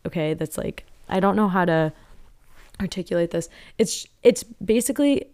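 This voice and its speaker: A young woman talks alone on her podcast in a loose, earnest monologue. Her voice sits a little low for a woman. She wanders through her thoughts with plenty of "like" fillers. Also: moderate pace, a little mellow, clear, resonant tone. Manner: earnest and rambling, many "like" fillers. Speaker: podcast host. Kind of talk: casual spiritual podcast monologue.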